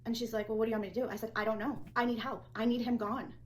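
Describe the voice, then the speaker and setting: Recording herself indoors on a rough, slightly hissy or humming track, a woman who used to be an assistant assessor rants about a clash at work. She races along in a high-leaning but flat voice, agitated, performing each line of dialogue herself.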